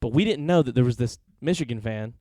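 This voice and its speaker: A man's voice: medium pitch, lively intonation, fast talker, warm tone, dry recording. A young man chatting on a podcast, rambling and often cutting in with asides. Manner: rambling, jumps in, laughs often. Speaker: podcast co-host. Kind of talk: casual chat.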